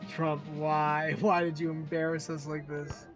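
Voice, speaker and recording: A man's voice: fairly high pitch, flat delivery, a little slow, music in the background. A man hosting a livestream, chatting casually as he reacts to clips with amused, rambling asides. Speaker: livestream host.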